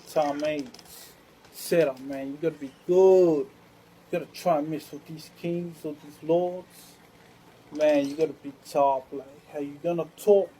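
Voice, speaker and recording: A woman's voice: low-pitched, mellow, a little hiss or hum, rough recording. A woman talking in a rambling, repetitive monologue full of street slang and chant-like repeats.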